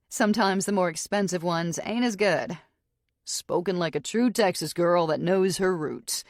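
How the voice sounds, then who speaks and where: A woman narrating a thriller audiobook in the first person, in a steady, intimate way. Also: fairly low pitch, normal speed, no echo, clean studio sound.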